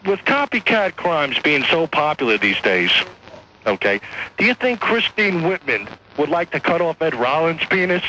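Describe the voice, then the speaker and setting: A man's voice: fairly high pitch, big pitch swings, normal speed, pushed and bright. A man calling a talk radio show, mocking and provocative. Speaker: caller. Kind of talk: call-in radio caller. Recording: hissy AM radio phone call.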